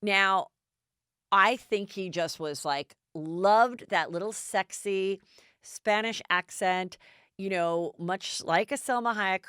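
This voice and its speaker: A middle-aged woman hosting a podcast, chatting about celebrity gossip in a casual, animated way and acting out the quotes she repeats. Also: mid-range voice, clean tone, no room sound, studio quality. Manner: chatty, animated, acts out quotes in other voices. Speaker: podcast host.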